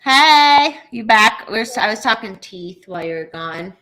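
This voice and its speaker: A woman's voice: on the high side, animated, normal speed, sharp tone. A woman in her thirties, co-hosting a podcast in casual chat, ranting bluntly and swearing freely. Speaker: podcast co-host.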